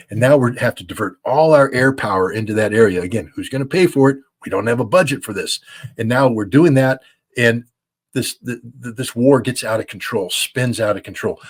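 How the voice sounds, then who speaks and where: A man's voice: on the low side, slightly rough. A man giving blunt, emphatic interview commentary as a military analyst, repeating his points for stress. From United States.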